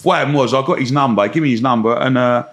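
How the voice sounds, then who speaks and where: A man's voice: medium pitch, very fast. A man, a guest telling blunt, slangy stories in a casual podcast chat, swearing and laughing as he goes.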